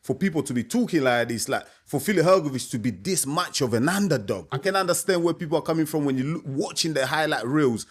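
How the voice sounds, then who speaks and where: Man, boxing coach, casual opinion talk, emphatic and repetitive, fairly high-pitched. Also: lively intonation, fast talker, few pauses. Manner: emphatic, repetitive, keeps asking "you know what I mean". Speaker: boxing coach and channel host.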